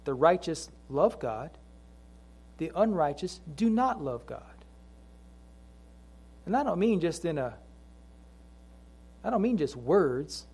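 A middle-aged man preaching a sermon to a congregation, mixing chatty family stories with slow, emphatic repeated lines from scripture. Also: fairly high pitch, big pitch swings, a little mellow, husky. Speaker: pastor.

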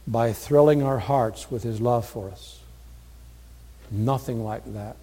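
A man preaching a sermon, earnest, moving from hushed, tender passages to loud, emphatic declarations. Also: medium pitch, slow. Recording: long hall reverb.

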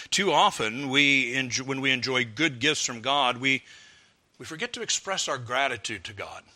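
A man preaching a sermon earnestly, rising to fervent appeals and dropping low for quoted prayers. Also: bright, forceful tone.

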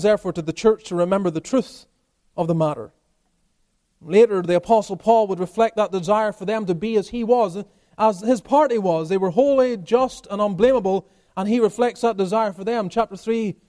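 Male pastor, high voice, emphatic expository preaching in church. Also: normal speed, mellow. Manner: emphatic preaching with rising and falling intensity. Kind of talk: expository sermon.

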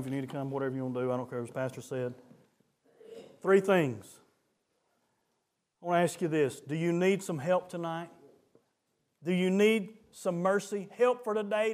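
A man preaching a sermon, building to fervent shouts and then dropping low again.

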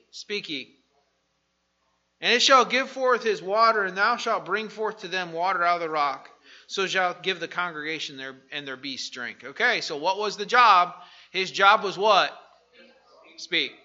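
Man, pastor, high bright voice, animated sermon delivery, dull lo-fi recording. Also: normal speed. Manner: animated preaching, swings from soft asides to shouting.

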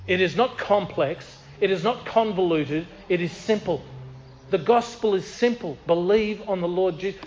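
A man's voice: sits high, normal speed, a little mellow, highs cut off, a little hiss or hum. A man preaching a sermon, reading scripture aloud and repeating key phrases with earnest emphasis.

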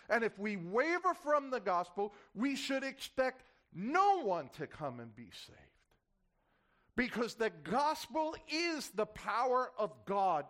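A man's voice: extremely high pitch, fairly bright tone. A man preaching a sermon to his church, impassioned, his voice swelling and dropping as he drives his points home. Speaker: pastor.

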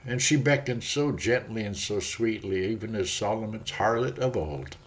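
A man preaching a devotional sermon in a slow, dramatic delivery. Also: on the low side, a little hiss or hum. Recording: dull lo-fi audio.

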